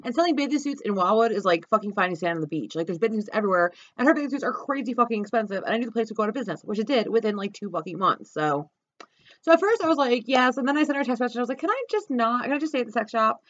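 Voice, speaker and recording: Fast-talking, foul-mouthed woman ranting. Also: on the high side, lively intonation, no room sound, lo-fi sound. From South Jersey. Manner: profane, blunt ranting. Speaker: vlogger. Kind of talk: ranting vlog. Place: car with dogs.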